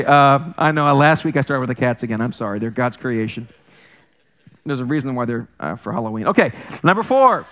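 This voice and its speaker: A man's voice: on the high side, a bit bright. A man preaching as a pastor, talking in a loose, joking way and often breaking off to apologize or correct himself. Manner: conversational, jokey, self-interrupting. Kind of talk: sermon.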